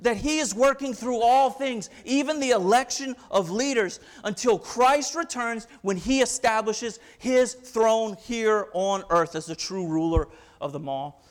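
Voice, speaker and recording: High-pitched guy preaching, gets worked up, lots of rhetorical questions. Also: a little slow. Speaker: pastor. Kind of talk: sermon.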